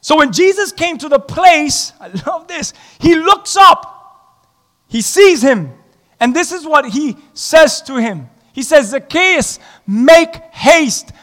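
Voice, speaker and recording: A male pastor preaches with a strikingly high voice, moving between joking asides and shouted emphasis. His sermon rings out in a church sanctuary with a long, trailing reverb. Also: lively intonation, slow.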